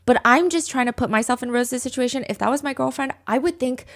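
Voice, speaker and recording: A woman's voice: high-pitched, quick pace. A woman hosting a true-crime podcast, telling the story casually with lots of "like" and earnest opinionated asides. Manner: chatty, with frequent fillers like "like". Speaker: podcast host.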